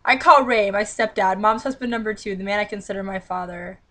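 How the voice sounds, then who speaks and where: A woman's voice: mid-range voice, brisk, a bit bright. A woman vlogger reading a novel aloud and breaking off into exasperated, sarcastic commentary. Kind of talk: read-aloud with mocking commentary.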